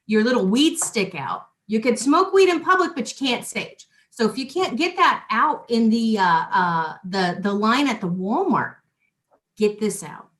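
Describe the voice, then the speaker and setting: A woman's voice: on the high side, a little slow. A middle-aged woman hosting a spiritual talk show. She chats casually and with animation, restarting sentences and throwing asides to her listeners. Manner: chatty and animated, with lots of restarts and asides to the audience. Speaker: host.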